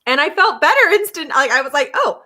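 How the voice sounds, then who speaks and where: A woman hosting a podcast, telling a personal story in a casual, animated way and laughing often. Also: high voice, quick pace. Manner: animated, laughing, acts out her own inner dialogue. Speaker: podcast host.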